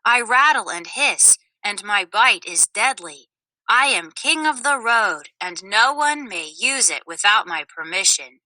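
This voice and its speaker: Woman reading as a bragging bully rattlesnake, slow and bright, storybook. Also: mid-range voice, animated, no room sound, rough recording. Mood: boastful. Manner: boastful, threatening. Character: boastful bullying male rattlesnake, king of the road.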